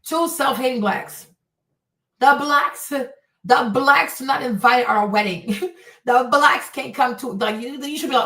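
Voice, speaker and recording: A woman's voice: high voice, measured pace, a bit bright, distant mic. Sarcastic, profane woman ranting in a roomy space. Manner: blunt, profane, sarcastic, laughing. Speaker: livestream host. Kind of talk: casual commentary rant. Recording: roomy sound, voice off-mic.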